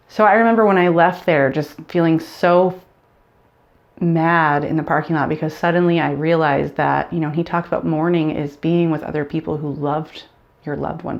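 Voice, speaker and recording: Woman vlogger, low-pitched, earnest and candid, muffled low-fi recording. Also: creaky. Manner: earnest, candid, repeats words and restarts when emotional. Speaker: vlogger sharing grief story. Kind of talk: personal talk to camera.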